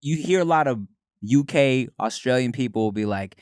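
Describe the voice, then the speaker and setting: A man's voice: mid-range voice, expressive, normal speed, a little mellow, no echo, clean studio sound. A man co-hosting a podcast, telling rambling stories full of fillers, laughing as he goes. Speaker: podcast co-host. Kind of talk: casual chat, storytelling.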